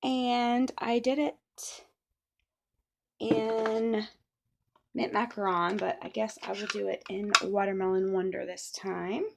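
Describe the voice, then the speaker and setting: A woman's voice: medium pitch, steady tone, slow, vocal fry, background noise. A middle-aged woman chatting through a papercraft tutorial, rambling with playful asides. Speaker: papercraft demonstrator. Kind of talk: casual crafting tutorial.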